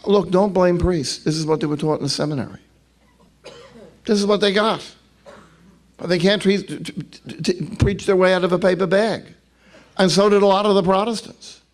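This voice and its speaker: A man's voice: high voice, normal speed, pauses often. An older man, a priest, telling funny stories to an audience and slipping into voices for the people in them. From New York. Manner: storytelling with joking asides and put-on voices. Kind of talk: humorous talk to an audience.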